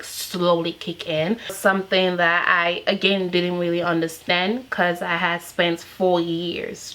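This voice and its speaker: Young woman from Nigeria, twenties, confessional vlogger; lowish voice, candid and emotional, lots of fillers. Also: a bit bright, poor audio. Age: 20s. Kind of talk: personal confessional vlog.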